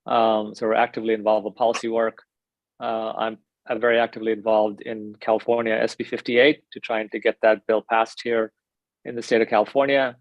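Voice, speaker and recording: A man from India, introducing himself haltingly on a video call. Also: fairly low pitch, flat delivery, no echo, dull audio. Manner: halting, many fillers and restarts. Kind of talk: casual self-introduction.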